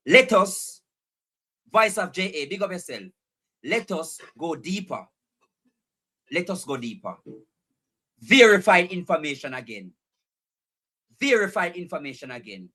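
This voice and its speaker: A man's voice: fairly high pitch, husky. A man with a Jamaican accent hosting a live stream, chatting animatedly to his viewers and repeating his points. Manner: animated, repeats phrases, talks directly to chat viewers. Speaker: livestream host.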